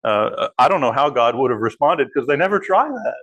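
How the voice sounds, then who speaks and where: A man's voice: mid-range voice, big pitch swings, brisk, fairly bright tone. A man teaching an adult Bible class in a church room, talking things through with frequent restarts and fillers. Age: adult father. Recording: echoey room, voice from afar.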